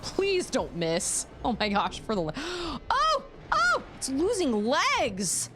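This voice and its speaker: A woman's voice: high voice, huge pitch swings, slow pace. A woman streaming a game, chatting casually, talking to herself and exclaiming at the game. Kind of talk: casual live gameplay commentary.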